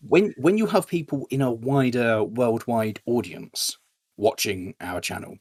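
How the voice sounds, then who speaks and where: Appearing as a guest in an interview, a man who is a YouTuber chats casually and tells anecdotes animatedly, breaking into sudden high-pitched impressions of other people. He speaks unhurriedly, with a somewhat mellow voice.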